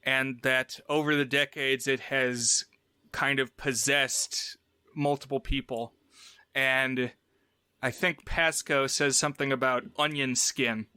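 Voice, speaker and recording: Man, film podcast co-host, casual chat, smooth resonant voice, dry sound. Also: medium pitch, fairly even intonation, takes it slowly, pushed and bright, no room sound. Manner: chatty, explains at length with many "like"s.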